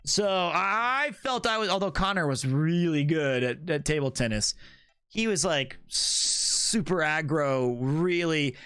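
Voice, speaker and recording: A man streaming casual chat with his viewers in an animated, playful way, riffing on slang and trip stories and laughing at his own jokes. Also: on the high side, takes it slowly, smooth, no echo. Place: Tokyo, Japan.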